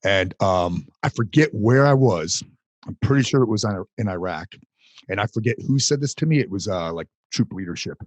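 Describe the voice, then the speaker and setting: A man hosting a podcast, a veteran telling a story in a slow, laid-back way. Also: fairly low pitch, animated, dry recording. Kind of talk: casual podcast chat.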